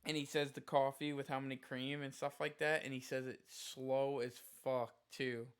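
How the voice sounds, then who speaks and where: A man's voice: mid-range voice, flat delivery, moderate pace, clean tone. A male live streamer telling a rambling, profane story in casual chat, full of "like" fillers.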